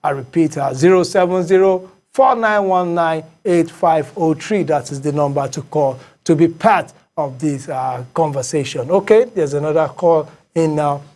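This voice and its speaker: A man's voice: on the high side, normal speed, hardly any pauses, darkish tone. A man hosting a morning show, reading headlines with many fillers and repeats. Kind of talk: reading headlines and taking calls.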